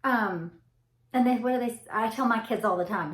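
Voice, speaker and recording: A woman's voice: fairly high pitch, moderate pace. A middle-aged woman with a Southern US accent, chatting casually to her viewers in a rambling, friendly way. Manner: chatty, rambling, says y'all. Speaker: vlogger. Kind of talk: casual chat to camera. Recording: echoey room.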